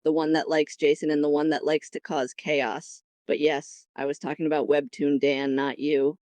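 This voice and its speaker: A woman's voice: sits low, level tone, moderate pace, a little mellow, dry recording, lightly acted. A synthetic cloned woman's voice voicing a chatbot copy of a YouTuber, gushing about webtoon characters. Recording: dry.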